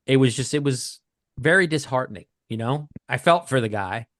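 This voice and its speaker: A man co-hosting a collecting podcast, chatting casually in a rambling, halting way with many restarts. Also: mid-range voice, animated, a bit bright, no echo, clean studio sound. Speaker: podcast co-host. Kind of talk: casual chat.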